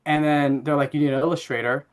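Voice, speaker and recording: A man in his thirties tells a family anecdote in easy conversational rhythm. He leans on fillers and restarts, and his voice sits slightly on the higher side. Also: fast talker. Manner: animated anecdote-telling with frequent fillers and laughs. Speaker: podcast guest. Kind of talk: casual interview storytelling.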